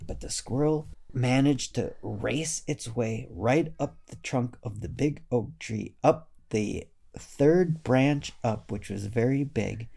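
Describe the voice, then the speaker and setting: A man narrating a children's story in a gentle, unhurried way. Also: mid-range voice, gravelly, breathy edge.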